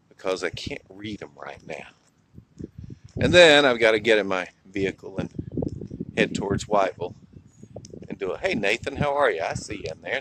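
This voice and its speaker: A man's voice: low-pitched, a bit bright, a little hiss or hum. A man with a Southern US accent chatting casually on a live stream outdoors, greeting viewers by name and reminiscing with frequent laughs. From southern US (North Carolina). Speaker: livestream vlogger. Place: outdoors in a small town.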